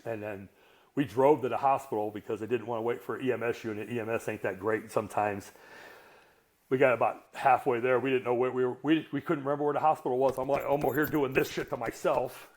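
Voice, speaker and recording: A man in his sixties, a strength coach on a podcast, telling a personal story in a blunt, profane, self-mocking way. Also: medium pitch. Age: 60s. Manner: earthy, self-mocking humor. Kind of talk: candid conversational storytelling.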